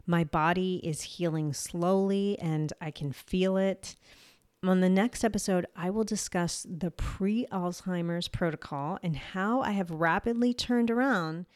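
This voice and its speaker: A woman's voice: fairly low pitch, a little slow, darkish tone, smooth, dry recording, studio quality. Candid New Jersey woman hosting a podcast. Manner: candid and casual, swears lightly, laughs at herself. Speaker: podcast host. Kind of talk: solo health podcast monologue.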